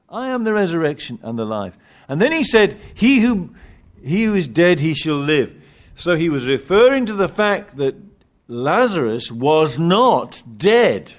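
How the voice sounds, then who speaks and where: An older man preaching a sermon, swinging from loud emphatic lines to quiet asides. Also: fairly high pitch, a little slow. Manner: animated preaching, rising loud on key words, dropping to quiet asides.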